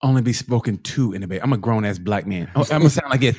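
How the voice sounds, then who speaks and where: A man's voice: lowish voice, racing, darkish tone, breathy edge. A man co-hosting a comedy podcast, joking loosely and often laughing while acting out scenes. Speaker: podcast co-host. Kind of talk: casual comedic banter.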